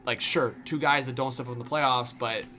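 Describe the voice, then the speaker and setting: A man's voice: mid-range voice, fairly even intonation, brisk, bright, forceful tone. A young man hosting a casual hockey livestream, rambling with lots of fillers while answering chat. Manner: rambling, filler-heavy, frequent "like". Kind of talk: casual live stream commentary, reading chat.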